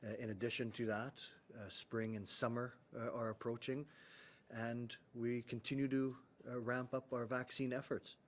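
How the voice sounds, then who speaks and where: A man's voice: medium pitch, little pitch movement, moderate pace. A man, a public health official, giving a matter-of-fact press briefing update with frequent "uh" fillers. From Canada.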